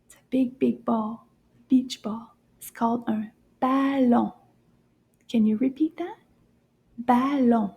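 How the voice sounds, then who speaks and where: A woman teaching a children's French lesson in soft, encouraging tones, often dropping into a half-whisper and pronouncing each word slowly and clearly. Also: on the high side.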